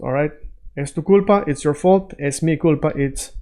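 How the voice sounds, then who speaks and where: Higher-voiced man teaching Spanish casually. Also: mellow. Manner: conversational, checks in often with "right?" and "all right?"; repeats phrases slowly to drill them. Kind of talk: casual freestyle language lesson.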